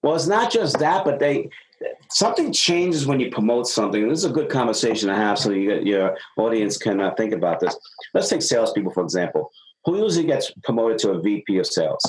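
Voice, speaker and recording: A man's voice: on the low side, fairly quick, poor audio. A man working as a business consultant, giving advice in a casual talk and acting out dialogue as he tells stories. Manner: animated storyteller acting out dialogue.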